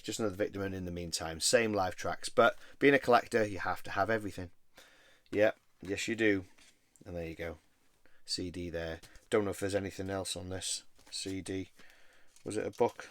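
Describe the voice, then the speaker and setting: Guy rambling about his cds, lowish voice, dead dry sound. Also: no echo. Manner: chatty, rambling, easily enthused. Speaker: record collector vlogger. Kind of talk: casual show-and-tell vlog.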